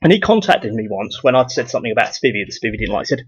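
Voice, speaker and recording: A man's voice: medium pitch, big pitch swings, very fast, husky, dry recording, poor audio. A man with a southeast English accent delivering a rambling, profane ranting monologue for his video blog, full of repeated restarts. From southeast England. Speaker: video blogger.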